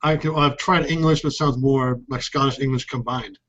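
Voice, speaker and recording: A man co-hosting a casual online chat, easygoing and quick to laugh at himself. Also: mid-range voice, steady tone, fairly bright tone, muffled recording. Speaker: co-host.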